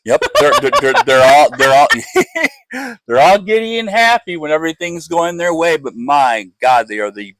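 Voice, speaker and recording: Gen X man, blunt profane co-host, slightly high voice, dry close sound. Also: expressive, moderate pace, a bit bright, no room sound. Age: 40s or 50s. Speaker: podcast co-host. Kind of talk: casual political chat.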